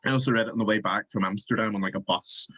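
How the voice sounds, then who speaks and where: A man's voice: fairly low pitch, very fast, pushed and bright, husky, dry recording, low-quality recording. A man who is a guest author, chatting casually about books with many ums and hesitations. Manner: hesitant, lots of ums and likes. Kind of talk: casual chat.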